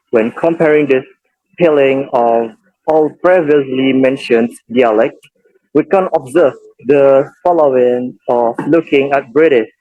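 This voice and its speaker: A man reads a lesson aloud in a plain, mid-pitched voice. He adds small fillers between his points. The sound is dry and close. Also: a little mellow, no echo, rough recording. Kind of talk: reading a class presentation.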